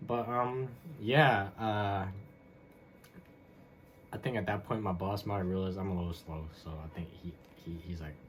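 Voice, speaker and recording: Young guy, kinda low voice, rambling solo podcast story, lots of like and you know, slangy and loose. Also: steady tone, normal speed, slight background noise. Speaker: podcast host. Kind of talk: casual solo storytelling monologue.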